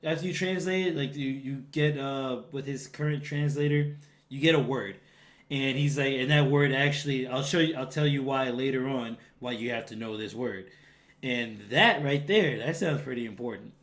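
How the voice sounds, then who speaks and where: A man's voice: mid-range voice, normal speed, fairly bright tone. A man co-hosting a casual podcast, laid-back and enthusiastic when he talks about games. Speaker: podcast co-host. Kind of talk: casual chat.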